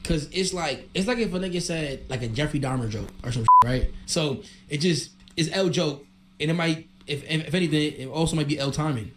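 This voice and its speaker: A man's voice: on the high side, fairly quick, very noisy. Hesitant man chatting casually. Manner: hesitant, rambling. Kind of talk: casual chat.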